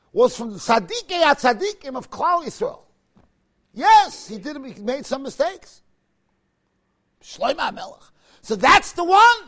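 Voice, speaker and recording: Guy teaching talmud, really high voice for a man, gets fired up, lots of rhetorical questions, hebrew words mixed in. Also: bright, forceful tone. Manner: impassioned, rhetorical questions, bursts of emphasis; mixes English with Hebrew and Aramaic terms. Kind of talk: Talmud lecture to a class.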